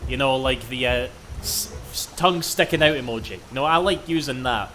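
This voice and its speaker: A man with a Scottish accent chats through a game stream in a loose, rambling way, swearing often. His voice is bright and forceful, at an ordinary pitch for a man. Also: a little fast, slight background noise. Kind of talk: casual gaming commentary.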